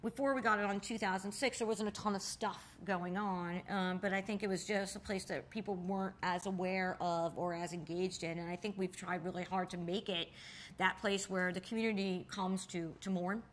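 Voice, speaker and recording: A woman in an oral history interview, telling stories in a lively way and jumping high when she acts out what people said. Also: moderate pace, a little hiss or hum. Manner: animated storyteller, acts out quotes with sudden high exclamations. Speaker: interviewee, bar co-owner and nonprofit founder. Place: in a bar.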